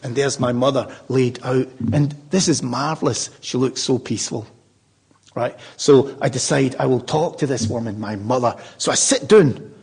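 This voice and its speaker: A man's voice: medium pitch, moderate pace, creaky, darkish tone, breathy edge. An older man with a Glaswegian Scottish accent, a Buddhist speaker telling a rambling, humorous story to a live audience.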